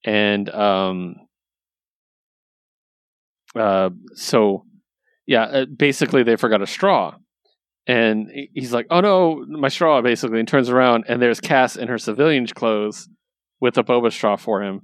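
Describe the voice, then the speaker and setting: A man's voice: mid-range voice, a little slow, long pauses, no room sound. A man hosting a casual talk, recapping stories with enthusiasm and plenty of ums and likes. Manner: enthusiastic, lots of fillers. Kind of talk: casual chat.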